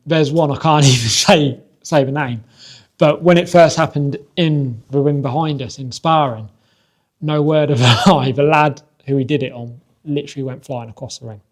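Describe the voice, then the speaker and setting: A man who coaches boxing, telling stories from his gym in a chatty, self-deprecating way. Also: fairly high pitch. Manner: chatty, self-deprecating, laughs often, many fillers. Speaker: boxing coach and podcast host. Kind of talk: casual reflective monologue.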